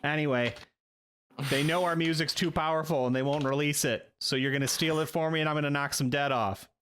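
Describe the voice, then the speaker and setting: A man voicing a dim, boastful male musician who hires the crew, talking loud and brash. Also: fairly high pitch, steady tone, brisk, slight background noise, lightly acted. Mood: ranting.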